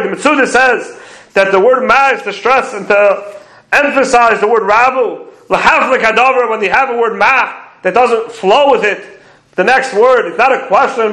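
Guy with a really high voice teaching torah, echoey room. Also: pushed and bright. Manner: explains commentaries step by step, quoting Hebrew phrases. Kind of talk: prayer commentary lecture.

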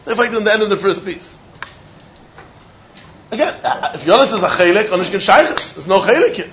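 High-voiced man giving a Talmud class. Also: sing-song, brisk, fairly bright tone, highs cut off. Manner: Yiddish-laced English, chanting question-and-answer. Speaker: Talmud teacher. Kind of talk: Talmud lecture.

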